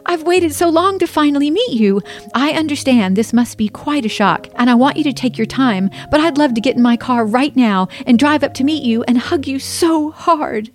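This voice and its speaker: Storybook figure: woman doing an overjoyed mother, breathless and gushing, pitched high. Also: expressive, moderate pace, few pauses. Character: overjoyed long-lost birth mother, gushing.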